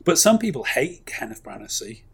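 Husky man chatting about films. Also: a little high, big pitch swings, normal speed. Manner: rambling, enthusiastic, lots of fillers. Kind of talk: casual film chat.

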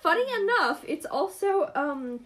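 A young woman co-hosting a podcast in casual chat, giggly and quick with puns. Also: high voice, big pitch swings, fairly bright tone. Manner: giggly, punning, quick bursts. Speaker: podcast co-host.

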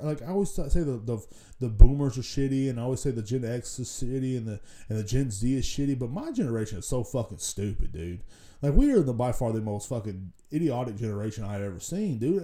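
A man's voice: medium pitch, warm tone. A man in his thirties hosting a podcast, ranting casually and profanely, rambling and laughing at his own jokes. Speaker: podcast host. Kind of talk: casual solo rant.

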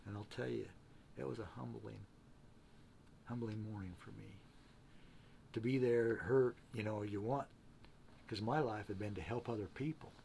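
Earnest low-voiced man telling a story. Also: fairly even intonation, gravelly, darkish tone, a little hiss or hum. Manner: halting, often repeats and restarts words. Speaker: interview guest. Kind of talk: casual spoken storytelling.

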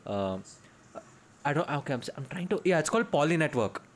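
A young man in casual chat with friends, excitable, often laughing and restarting his sentences. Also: a little high, brisk, slight background noise.

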